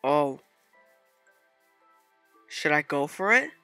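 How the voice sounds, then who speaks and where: A man's voice: fairly high pitch, very slow, no echo, faint music behind. A man giving casual gameplay commentary, talking to himself and bursting into startled outbursts. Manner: excitable self-talk with sudden startled outbursts. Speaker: gaming channel host.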